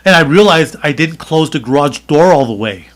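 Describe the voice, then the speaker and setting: A middle-aged man, a podcast co-host, telling a story in casual chat, animated and rambling with lots of fillers and restarts. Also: on the high side, brisk.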